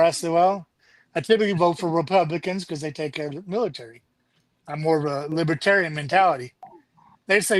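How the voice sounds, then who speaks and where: The high-voiced, brisk speaker is a middle-aged man, an Army veteran and charity founder, talking openly and sometimes cursing in a casual chat on a show. The audio is poor, with no room sound.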